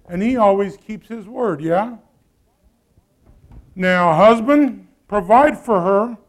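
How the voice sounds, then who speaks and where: A man preaching a sermon in a conversational way, often putting questions to the congregation. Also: high voice. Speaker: pastor.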